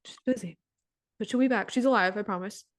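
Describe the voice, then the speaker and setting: A woman's voice: medium pitch, quick pace. A woman co-hosting a podcast in casual chat, making wry joking asides and signing off the episode. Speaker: podcast co-host.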